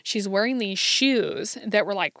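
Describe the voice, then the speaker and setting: A woman's voice: medium pitch, lively intonation, a bit bright, no room sound. Chatty woman podcaster, dry sound. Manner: chatty, quick, filled with "like" and "kinda". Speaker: podcast host. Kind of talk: casual podcast narration.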